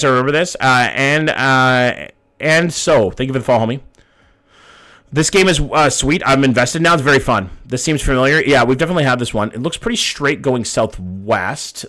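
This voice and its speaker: Casual, slangy young male streamer. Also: a bit bright. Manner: casual and slangy, swears, trails into low mutters while thinking. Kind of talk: live-streamed gameplay commentary reading chat.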